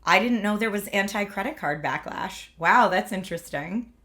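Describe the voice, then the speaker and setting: With a medium-pitched, expressive voice and a sharp tone, the Pennsylvania livestream host, a woman in her thirties, chats at a moderate pace. She laughs a lot and fills gaps with "like".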